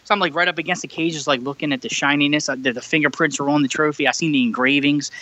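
Man, rambling podcast storyteller, lots of fillers, tense bright tone, dry close mic. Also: on the high side, steady tone, fast, no echo, highs cut off. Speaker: podcast co-host. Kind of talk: casual chat. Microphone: remote call mic.

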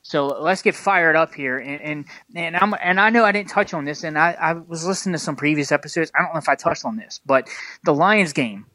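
Passionate male podcast co-host, rambling fan rant, slightly high voice, dry booth sound. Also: a little fast, sharp tone, no echo. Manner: passionate, fired up, rambling with many fillers. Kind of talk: casual sports podcast rant.

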